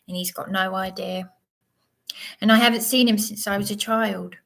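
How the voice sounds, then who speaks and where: A woman's voice: mid-range voice, steady tone, moderate pace, vocal fry, a bit bright. A woman, hosting an unscripted livestream monologue, rambling and digressive with many restarts. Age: 30s. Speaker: livestream host.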